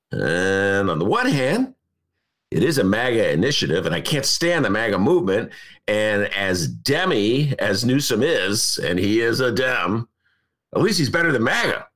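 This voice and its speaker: Sarcastic talk radio host, very lively pitch. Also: male voice. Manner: sarcastic, laughs often. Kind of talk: opinionated talk radio monologue.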